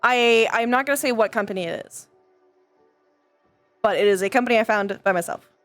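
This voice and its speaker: A woman's voice: on the high side, brisk, fairly bright tone, dry recording, soft background music. A woman streamer venting to her chat in casual talk, frustrated, swearing often and stumbling over restarts.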